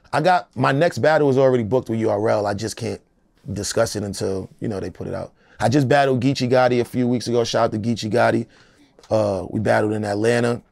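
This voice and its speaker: Rapper dude in his 40s chatting in an interview, raspy fry in the voice, swears a lot, keeps going "you know what im saying". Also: fairly low pitch, darkish tone, no echo, studio quality. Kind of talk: casual interview talk.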